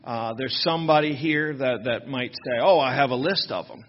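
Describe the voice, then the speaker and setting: A man talking to a workshop crowd in a loose, chatty way, poking fun at himself and tossing in "right?" asides. His pitch sits in the middle of the usual male range, and the recording sounds slightly dull and lo-fi. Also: moderate pace, big-room sound. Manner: chatty and self-deprecating, with frequent "right?" asides. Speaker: recovery workshop speaker. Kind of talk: casual workshop talk to an audience.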